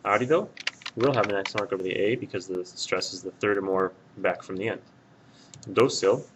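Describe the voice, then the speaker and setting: A man with a fairly low voice teaches a recorded Spanish lesson. He says drill words slowly and clearly and explains answers patiently. Faint room noise sits behind him. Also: muffled recording. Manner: clear, slow, drilled pronunciation of single words.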